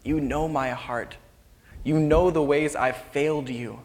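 A man's voice: mid-range voice, moderate pace, lightly acted. A man voicing an impulsive grown fisherman disciple who talks in casual modern slang, grumbling at times and pleading at others, with a long hall reverb behind him.

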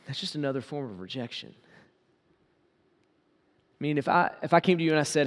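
A man preaching a sermon as a pastor, pleading and swinging from loud appeals to quiet, low asides. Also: measured pace, long pauses, big-room sound.

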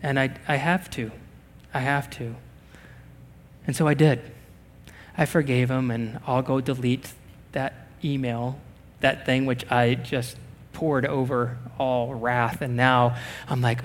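A man's voice: sits high, normal speed, fairly bright tone, long reverb tail. A man preaching a sermon as a pastor, telling stories animatedly and acting out little conversations. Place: church sanctuary.

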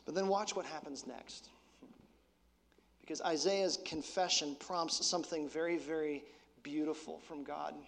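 A man preaching a sermon as pastor, talking in a casual, conversational way and then dropping to a soft, intense hush. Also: a little high, fairly even intonation, a little slow, vocal fry, in a large hall.

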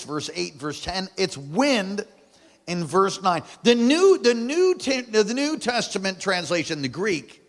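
A man preaching a sermon as pastor, calling on the congregation to repeat after him, moving from hushed lows to shouted peaks. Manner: call-and-response preaching, swings from hushed to shouting. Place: church sanctuary. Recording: long hall reverb.

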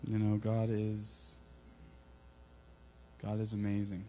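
A man giving an informal, earnest sermon, building to loud emphatic peaks, with a mains hum behind him. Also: fairly low pitch, completely flat delivery, slow, poor audio. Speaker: preacher.

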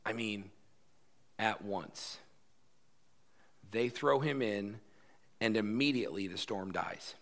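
A man's voice: on the low side, slow, long pauses, fairly bright tone. A man preaching a sermon as pastor, emphatic and conversational, acting out quoted lines.

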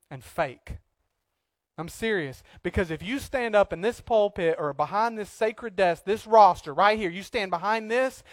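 Pastor guy preaching at the pulpit, high voice, jokey then suddenly loud, dry close sound. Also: no echo. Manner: swings from quiet asides to loud emphatic outbursts; joking, conversational preaching. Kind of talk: sermon. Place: church pulpit.

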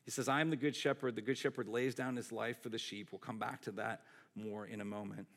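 A man preaching a sermon as a pastor, in a conversational, animated way with frequent asides to the congregation. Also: lowish voice, fairly quick.

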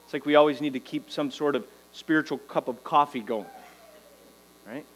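High-voiced preaching man, exhorting. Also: moderate pace, poor audio. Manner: exhorting, rhetorical "right?" tags. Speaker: pastor. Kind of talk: sermon.

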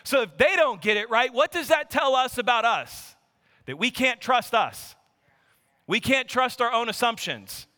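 A man preaching a sermon in a church sanctuary, his voice high and bright. He acts out the characters' lines with lively energy, and a long reverb trails behind every word. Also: a little slow. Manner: animated preaching, acting out Bible characters' lines. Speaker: pastor.

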